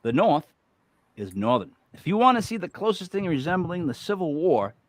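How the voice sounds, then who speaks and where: A man hosting a podcast in casual chat, joking and animated. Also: a little high, normal speed, no room sound. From New England, near Boston. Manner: animated, joking, slips into mock accents. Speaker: podcast host.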